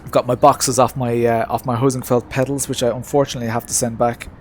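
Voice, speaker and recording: A man's voice: mid-range voice, fast talker, a little hiss or hum. Chatty man streaming from his racing rig. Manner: relaxed and chatty, answers chat, many "uh"s and restarts. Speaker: streamer racing in a sim-racing league. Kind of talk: casual live-stream chat. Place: home sim-racing setup.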